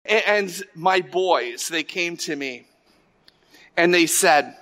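A middle-aged male pastor with a bright, forceful voice pitched a little high. He preaches in animated bursts, stumbling over restarts and tossing asides to the congregation. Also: slow pace. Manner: animated storytelling, many restarts and asides to the audience. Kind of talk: sermon with personal stories.

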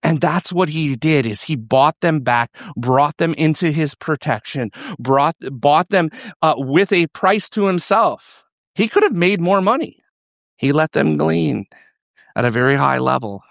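A man preaching a sermon, often repeating and restarting words, his pitch climbing on emphatic lines. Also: expressive, measured pace, creaky, no echo, clean studio sound. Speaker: pastor.

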